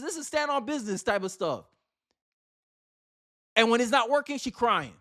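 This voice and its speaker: A man's voice: extremely high pitch, expressive, normal speed, a bit bright, dry recording, clean studio sound. A man hosting a reaction commentary, talking in an emphatic, argumentative way and repeating phrases for effect. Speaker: commentary host.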